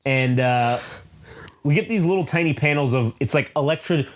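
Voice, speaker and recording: Profane man retelling a comic. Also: fairly high pitch. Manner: profane, animated, acts out characters in quick voices. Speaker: comic review podcast co-host. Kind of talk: casual chat retelling a comic.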